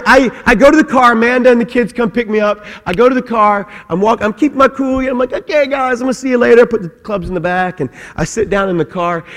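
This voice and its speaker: A middle-aged man, a pastor, telling a personal story in an animated sermon in church. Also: high voice. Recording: long hall reverb.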